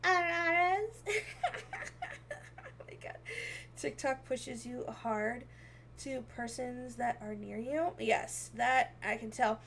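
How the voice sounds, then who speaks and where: A young woman with a slightly high voice chats slowly and unhurriedly on a livestream, giggling often between remarks. She reads viewer comments aloud in a loose, chatty way. A faint hum sits behind her voice. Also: gravelly, fairly bright tone. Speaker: VTuber streamer. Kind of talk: casual livestream chat, reading comments.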